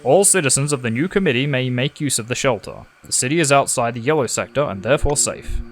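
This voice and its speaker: A man's voice: mid-range voice, expressive, a little hiss or hum, natural voice. A man reading a formal emergency announcer. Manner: formal, measured. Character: official emergency radio announcer.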